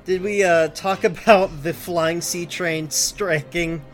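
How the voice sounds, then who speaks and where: A woman's voice: on the low side, steady tone, takes it slowly, soft background music. A woman co-hosting a casual chat podcast, joking and acting out characters' lines. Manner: jokey, acts out characters' lines. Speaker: podcast co-host.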